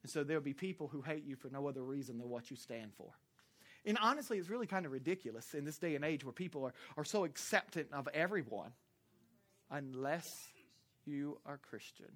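Preaching with a Southern US accent, this minister swings from fiery, loud passages to hushed storytelling. His voice is fairly high, his intonation lively, and his pace brisk.

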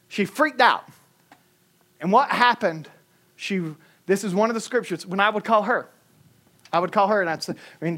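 A man preaching a sermon as a pastor, telling a personal story in a colloquial, dramatic way with swings from shouted calls to hushed, quiet passages. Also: high-pitched.

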